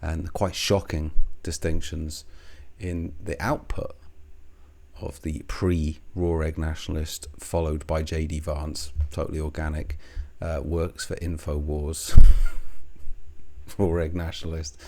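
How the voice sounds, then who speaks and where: A man's voice: rumbling low, little pitch movement, a little slow, darkish tone. A man rambling sarcastically in a monologue, swearing freely and chuckling between jabs. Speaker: commentary video host.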